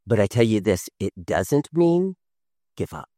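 Animated male preacher, lively pitch. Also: unhurried, no echo, studio quality. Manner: animated preaching, swinging from loud to hushed. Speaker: pastor. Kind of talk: sermon.

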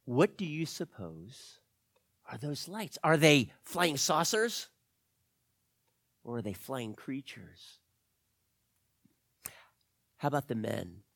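A man's voice: medium pitch, vocal fry, no echo, studio quality. A man telling an adventure story to children, talking to them directly. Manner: animated, addresses kids directly.

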